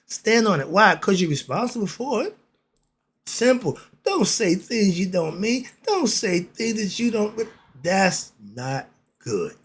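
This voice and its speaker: Emphatic preachy man, husky voice. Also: sits high, sing-song. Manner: preachy, emphatic, reads passages aloud slowly then riffs. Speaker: host. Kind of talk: animated religious commentary.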